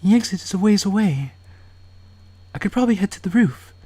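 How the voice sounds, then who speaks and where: Game character: shy troubled young woman, soft and self-loathing, mellow husky tone, a man doing the voice. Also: high voice, lively intonation, brisk, dry recording, voice pushed up.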